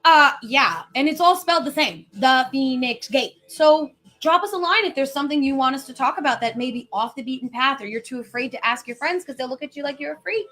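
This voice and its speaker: High-voiced chatty woman podcast host. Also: expressive, fairly quick, hardly any pauses, a bit bright. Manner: chatty, laughs often, playful. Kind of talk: casual chat.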